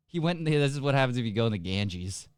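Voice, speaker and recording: A young man in casual podcast chat who cracks jokes and giggles while reading items off a screen. His voice is smooth and clear, at a middle pitch, and it is recorded dry and close. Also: expressive, fast talker, no echo. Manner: joking, giggly, reads things off the screen. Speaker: podcast co-host.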